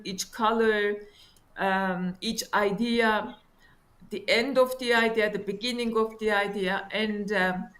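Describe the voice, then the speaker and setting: A woman with gives piano feedback over a video call. Her pace is very slow and she pauses often to find her words. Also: mid-range voice, a bit bright, low-quality recording. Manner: slow, searching for words, sings phrases. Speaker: music judge. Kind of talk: spoken feedback on a performance.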